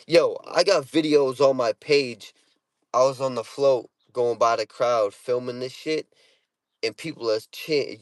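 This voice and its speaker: A man's voice: mid-range voice, a little slow, dry recording. A man with a Boston accent, talking casually and profanely to camera from his car, full of street slang. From Boston area, Massachusetts. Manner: brash, profane, street slang, repeats "you know what I'm saying". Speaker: vlogger. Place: inside a parked car.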